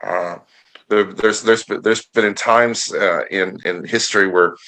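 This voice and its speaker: A man speaking as a guest on a live online Q&A, halting with many restarts and fillers. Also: fairly low pitch, fairly even intonation, sharp tone, low-quality recording. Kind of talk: casual livestream interview.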